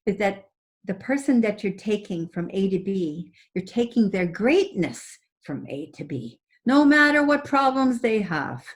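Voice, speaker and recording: Older woman telling stories with animated expression. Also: mid-range voice, a little slow. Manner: expressive, laughs often while telling stories. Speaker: guest psychic. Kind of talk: animated storytelling in conversation.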